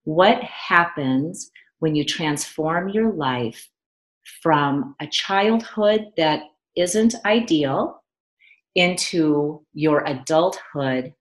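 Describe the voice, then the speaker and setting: A woman hosting a podcast interview, speaking in a measured, affirming way. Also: low-pitched. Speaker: podcast host. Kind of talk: slow, reflective interview talk. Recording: echoey room.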